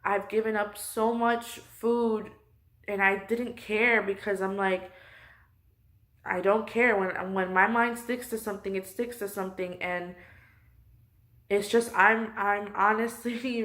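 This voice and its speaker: A woman's voice: mid-range voice, fairly even intonation, unhurried, a bit bright. A woman close to tears, venting her frustration in a personal vlog from her couch at home. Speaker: vlogger.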